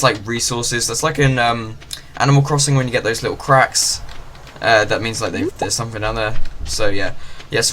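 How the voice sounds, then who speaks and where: A man's voice: medium pitch, pushed and bright. Chatty man commentating a farming game. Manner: chatty, rambling, with many fillers. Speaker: gaming channel host. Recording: game ocean noise behind.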